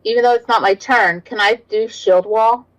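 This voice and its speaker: A woman's voice: fairly high pitch, steady tone, moderate pace, lo-fi sound. A woman playing a tabletop game, asking rule questions in a stumbling, casual way. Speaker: player.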